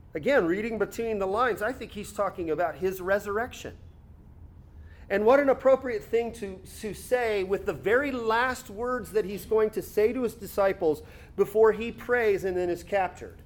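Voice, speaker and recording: A man with a bright, high voice preaches a sermon. He reads scripture passages aloud and then unpacks them conversationally. He slows and stretches words to stress a point. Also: expressive. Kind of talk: expository sermon.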